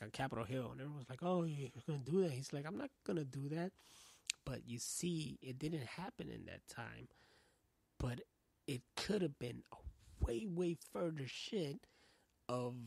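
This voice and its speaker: A man's voice: medium pitch, creaky, no echo. A man hosting a casual podcast monologue with a New York accent, swearing often and acting out little dialogues. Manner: profane, animated, acts out dialogue in voices. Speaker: podcast host.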